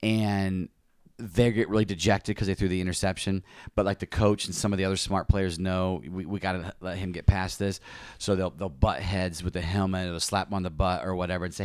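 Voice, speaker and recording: A man with a fairly low voice tells his story as a pastor, earnest and openly confessional. The sound is dry and close, with no room around it. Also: little pitch movement, a little fast, clear, resonant tone, no room sound. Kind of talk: personal testimony in conversation.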